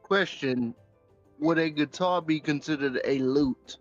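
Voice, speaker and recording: A man's voice: a little high, a little slow, muffled recording, soft background music. A man playing a tabletop game, speaking plainly and matter-of-factly. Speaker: player.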